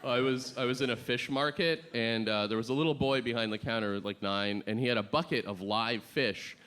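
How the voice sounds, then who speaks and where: A man doing a stand-up set with a halting, deadpan delivery full of fillers and restarts. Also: mid-range voice. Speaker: stand-up comedian. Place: comedy club stage before a live audience. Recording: loud crowd laughter and noisy club ambience.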